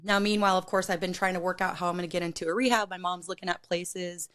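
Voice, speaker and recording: Blunt, lower-voiced woman telling her story. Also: fairly even intonation, fast talker, a bit bright. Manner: blunt, swears, acts out quotes of others. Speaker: podcast guest. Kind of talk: candid personal storytelling.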